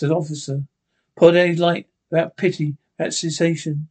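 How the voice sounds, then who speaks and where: Husky male storyteller. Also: on the high side, fairly even intonation, a little mellow. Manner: unhurried, with occasional stumbles. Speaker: narrator. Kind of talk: audiobook reading of a classic story.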